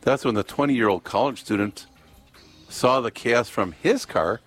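A man's voice: medium pitch, a little slow, a bit bright, soft background music. A man co-hosting a talk show, reading out news items and joking around in casual chat. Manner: rambling, joking, reading news stories aloud. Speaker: radio co-host.

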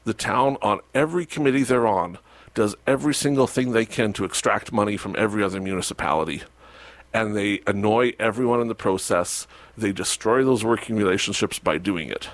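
A man speaking as a local municipal official in a casual radio interview, animated, with sarcastic asides. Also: lowish voice, brisk, no room sound.

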